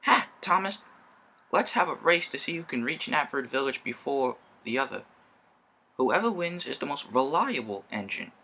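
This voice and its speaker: A man's voice: mid-range voice, sing-song, normal speed, vocal fry, pitched above the performer's own voice, exaggerated voice. A man voicing James, a vain, boastful red male steam engine in a storybook reading. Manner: bragging, loud exclamations.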